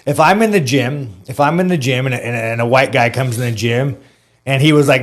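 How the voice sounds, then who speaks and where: A man's voice: medium pitch, lively intonation, brisk. A man telling a story in casual, profane podcast talk, rambling and filling his speech with "like". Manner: rambling, heavy use of "like" and swearing.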